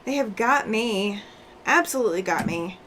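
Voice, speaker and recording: A woman's voice: mid-range voice, animated, moderate pace, a bit bright, slight background noise. A woman hosting a quilting livestream, chatting casually and laughing often while she sews and reads out viewer comments; she sounds tired after road travel.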